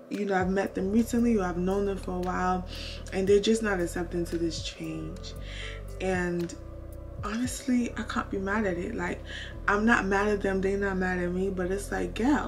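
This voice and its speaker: A woman in her twenties chatting to camera while doing her makeup, earnest and full of "like", giving faith-based advice to her viewers. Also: mid-range voice. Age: 20s. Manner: chatty and earnest, heavy use of "like"; faith-filled, advising viewers. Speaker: beauty vlogger. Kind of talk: casual chat to camera. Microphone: camera mic while doing makeup.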